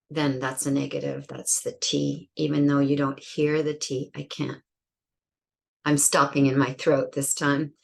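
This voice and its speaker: A woman's voice: deep voice, gravelly. A woman giving an English pronunciation lesson, demonstrating sounds and example words and thinking aloud with fillers. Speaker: pronunciation teacher.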